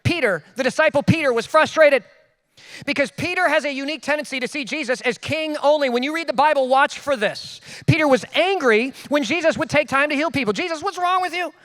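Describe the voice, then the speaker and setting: High-voiced male pastor preaching animatedly. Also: fairly quick, big-room sound. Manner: animated preaching with sudden loud emphases and self-deprecating asides. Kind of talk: sermon.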